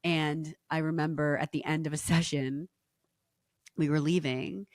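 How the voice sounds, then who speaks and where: A woman's voice: sits low, level tone, a little slow, dry recording, clean studio sound. A woman in her thirties from Canada, a podcast guest talking candidly and reflectively in casual chat. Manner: candid, reflective, often laughs.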